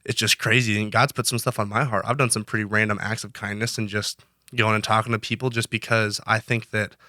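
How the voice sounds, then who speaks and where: A man's voice: lowish voice, level tone, brisk, bright, forceful tone, no room sound, clean studio sound. A young man in his twenties, a guest in an interview, talking earnestly in casual chat, rambling with many restarts. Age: 20s. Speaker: guest, college wrestler.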